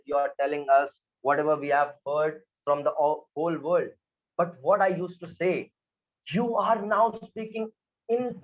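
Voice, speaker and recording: A man with an Indian English accent teaching a motivational lesson, emphatic and animated, swinging between loud and soft. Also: sits high, muffled recording. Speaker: spoken English trainer.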